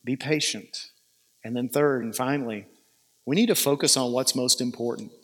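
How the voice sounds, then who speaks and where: A man's voice: mid-range voice, fairly even intonation, brisk. A male pastor preaching a sermon in an earnest, urging way, with conversational asides. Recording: long hall reverb.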